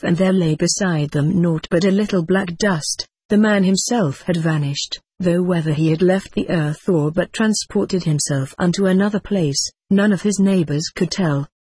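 A reader voicing a vengeful, scheming queen in an audiobook, in slow, archaic, brooding speech. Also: medium pitch, darkish tone, husky, no room sound, lightly acted. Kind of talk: audiobook character reading.

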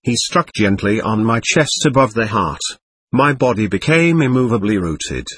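A man narrating an audiobook in a measured, earnest reading. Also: fairly low pitch, animated, a bit bright, husky, dry recording. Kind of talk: scripted narration.

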